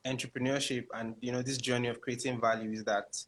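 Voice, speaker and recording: A man's voice: mid-range voice, level tone, a bit bright. A man hosting an interview who speaks earnestly and stumbles a little over his words. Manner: earnest, slightly halting. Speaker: interview host. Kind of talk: interview talk.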